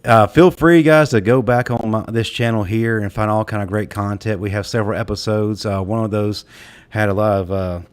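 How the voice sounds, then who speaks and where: A man hosting a casual panel talk show, speaking in a relaxed way with many fillers. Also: on the low side, moderate pace, smooth. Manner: relaxed, lots of fillers and laughs. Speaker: podcast host.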